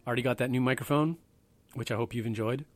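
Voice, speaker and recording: A male podcast host chatting casually at a middling pitch. He rambles, hedges and tosses in self-deprecating asides. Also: fast talker, faint music behind. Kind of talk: casual history podcast talk.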